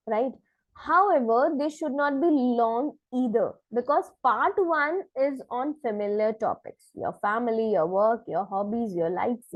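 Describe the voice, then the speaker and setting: Higher-voiced woman giving exam tips. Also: dry recording, poor audio. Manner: explaining, with frequent "right?" checks and self-corrections. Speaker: IELTS teacher. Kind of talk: lecture-style exam tips.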